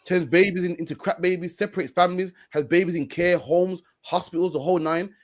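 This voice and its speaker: A man with a fairly high voice preaches on a stream. He hammers his points through repetition and ends his phrases with "man.". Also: steady tone, brisk. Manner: preachy, repeats "man" and "all you care about". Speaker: street preacher co-host. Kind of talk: stream discussion.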